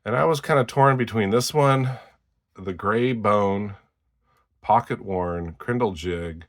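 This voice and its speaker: A man hosts a casual knife review vlog in a low, unhurried voice. He talks in a relaxed, easygoing way and drops in playful, mock-dramatic asides now and then. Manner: laid-back and chatty with playful theatrical asides. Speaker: knife collector and channel host.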